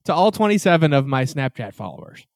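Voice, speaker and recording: A man co-hosts a podcast, chatting casually and teasing playfully in a sing-song voice on the high side with some vocal fry and a quick pace. The recording is dry and studio quality.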